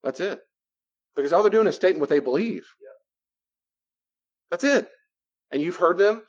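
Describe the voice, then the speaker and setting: A man giving a conversational teaching talk, acting out both sides of the dialogues with lively shifts in his voice. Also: on the high side, normal speed, long pauses. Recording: dull lo-fi recording.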